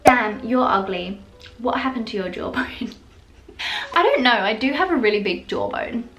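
A woman's voice: on the high side, expressive, moderate pace, fairly bright tone, faint music behind. A young woman chatting casually in a home vlog, playful and sarcastic, laughing often as she reads comments aloud. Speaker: YouTuber.

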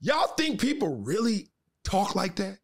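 A man talks as a podcast guest in a relaxed, slangy way, leaning hard on his points. His voice sits fairly high for a man and swings widely in pitch. He keeps the emphasis coming in a loose, animated delivery. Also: measured pace. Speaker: podcast guest, sports commentator. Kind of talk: casual interview talk.

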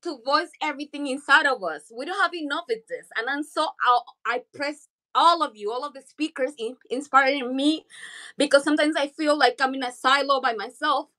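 A woman's voice: sits high, fairly quick, pushed and bright. A woman speaking in a heartfelt, emotional, grateful way to an online audio room.

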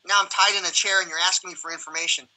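A man's voice: high voice, very fast, poor audio. A man hosting a livestream in casual rambling chat, swearing often and acting out quoted exchanges. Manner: profane, animated, acts out quoted exchanges. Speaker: livestream host.

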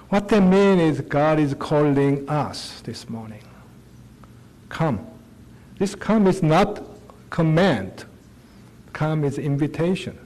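A man's voice: medium pitch, takes it slowly, pauses often, mellow, rough recording. A male pastor preaching a sermon in earnest, conversational English.

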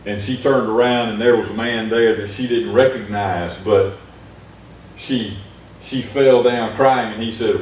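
A man's voice: on the low side, fairly even intonation, a little slow, a little mellow, slight background noise. A man preaching an earnest sermon in a small church, retelling Bible stories with rising emphasis. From United States. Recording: echoey church room from far off.

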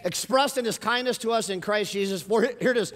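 A middle-aged male pastor delivers a sermon in a slightly high voice, animated and storytelling, building to emphatic lines. His voice rings out with a long reverb from a large church hall. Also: quick pace.

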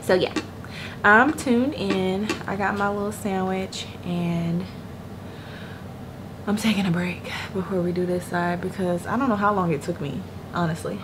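A woman's voice: mid-range voice, fairly even intonation, measured pace. Chatty young woman vlogging from bed. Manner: chatty, slangy, addresses viewers as "y'all". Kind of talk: casual chat to camera. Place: at home in bed. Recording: noisy room ambience behind voice.

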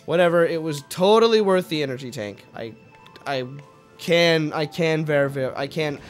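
Frustrated high-voiced gamer man. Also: expressive, normal speed, faint music behind. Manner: swings from mumbling to frustrated shouting, swears freely. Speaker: let's play host. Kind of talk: casual gameplay commentary.

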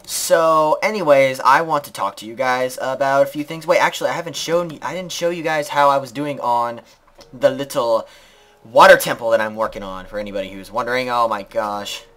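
A young man hosting a let's-play video, chatting casually about his build and sometimes breaking into squeaky shouts at the game. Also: a little fast. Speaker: gaming channel host.

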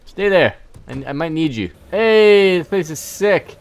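Excitable swearing gamer guy. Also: on the high side, measured pace, gravelly, clear, resonant tone, dry recording. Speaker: gamer playing through a game. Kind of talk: casual let's play commentary.

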